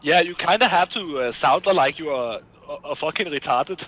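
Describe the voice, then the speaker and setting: A man's voice: on the high side, lively intonation, moderate pace, a crowd in the background. A man playing a tabletop game, chatting casually and jokingly over voice chat. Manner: agreeable, joking.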